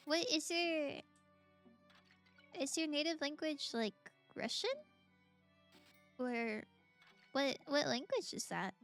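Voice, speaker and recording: A woman's voice: high-pitched, takes it slowly, pauses often, fairly bright tone, soft background music. A young woman streaming a game, chatting casually with viewers, gushing and giggling often. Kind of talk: casual gameplay chat, reacting to viewers.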